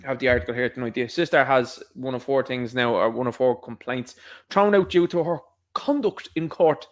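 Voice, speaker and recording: A man's voice: mid-range voice, fairly quick. A man hosting an opinion show, delivering an indignant, sarcastic monologue with emphatic bursts. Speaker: commentary show host.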